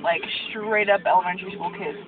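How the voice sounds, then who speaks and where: A young woman who is a medical assistant student vents about her class in a vlog, ranting and acting out what other people said. Her mid-range voice is brisk with fairly even intonation, heard over music. It's recorded on a phone camera, so the audio is tinny and noisy.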